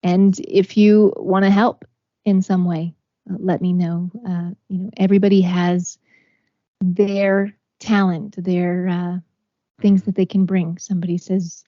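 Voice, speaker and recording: Low, flat-voiced woman from Texas. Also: a little slow, dry recording, highs cut off. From Texas, USA. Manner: earnest, many fillers and restarts. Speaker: interview guest, organization founder. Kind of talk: conversational interview.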